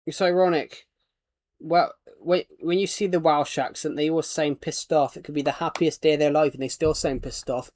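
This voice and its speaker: A man's voice: fairly high pitch, fairly even intonation, moderate pace, a little mellow, slight background noise. Rambling man streaming a game. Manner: rambling, chuckling at his own jokes. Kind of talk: casual gameplay chat.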